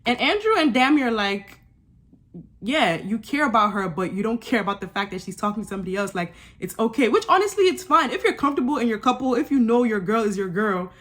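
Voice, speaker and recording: A sassy young woman chatting through a reality show recap, animated and quick to laugh at the cast. Her pitch sits in a middle range. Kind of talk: casual recap commentary.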